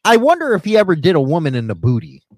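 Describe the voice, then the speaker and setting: A man's voice: fairly high pitch, huge pitch swings, fast talker, no room sound, studio quality. A man co-hosting a podcast in casual chat, crude, profane and joking. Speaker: podcast co-host.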